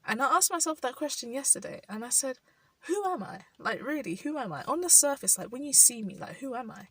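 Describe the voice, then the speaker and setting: Indoors with rain falling outside, a young vlogger from South London reflects on her life in a London accent, filling her speech with "like" and soft laughs. Her voice is high, expressive and slightly rough, and she talks fast. The mic is distant and the recording rough.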